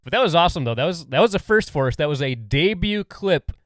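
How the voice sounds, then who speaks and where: A man's voice: a little high, lively intonation, fast, dry recording. A man hosting a podcast, chatting casually, laughing often, and leading into segments. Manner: easygoing, laughs often, plain segment lead-ins. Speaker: podcast host.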